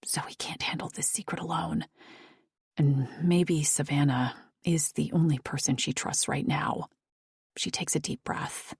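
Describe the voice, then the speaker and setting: A woman narrates an audiobook in a soft, hushed way. Her voice is low and breathy-husky. The sound is dry and close. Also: unhurried, dry recording.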